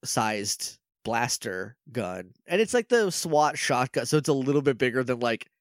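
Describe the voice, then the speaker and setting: A man's voice: mid-range voice, expressive, a little slow, no echo, clean studio sound. A man co-hosting a podcast, chatting casually and jokily about a TV episode, rambling and acting out characters' lines. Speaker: podcast co-host. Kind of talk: casual chat recapping a TV episode.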